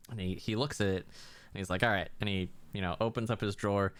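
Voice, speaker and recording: Low, smooth-voiced man running a tabletop game. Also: fast talker, fairly bright tone, no echo. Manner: rambling, many fillers and restarts, puts on NPC voices. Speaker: game master.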